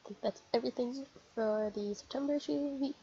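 A woman's voice: high voice, a little fast, vocal fry, dark tone, husky. A woman reading game text aloud with amused, joking asides in casual gameplay commentary. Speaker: let's player. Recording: muffled with game music behind.

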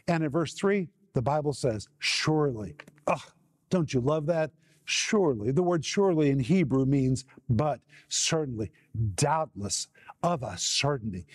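A man's voice: fairly high pitch, a little mellow, no echo, clean studio sound. A man delivering a televised Bible teaching, stressing key words by repeating them. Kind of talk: televised sermon.

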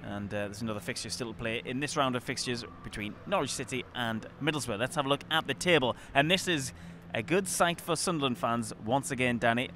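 A man's voice: mid-range voice, a little fast, few pauses, a bit bright. A man presenting a post-match football show, reading out scores and fan questions in an easygoing way. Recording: faint outdoor traffic noise.

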